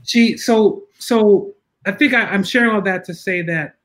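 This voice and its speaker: A man being interviewed as a guest, telling stories in a casual, animated way, laughing often and acting out the people he quotes. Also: high voice, unhurried. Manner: animated, acts out quoted voices; laughs often, many restarts. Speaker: guest filmmaker.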